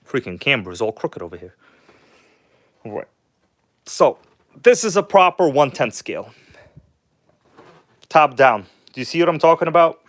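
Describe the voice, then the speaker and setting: A man rambles casually through a live stream, speaking to his viewers in an enthusiastic, blunt way with casual swearing. His voice sits at an ordinary middle pitch. The sound is dry and close, with no room echo. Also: very animated, moderate pace, long pauses. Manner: rambling, chatty, addresses viewers as guys.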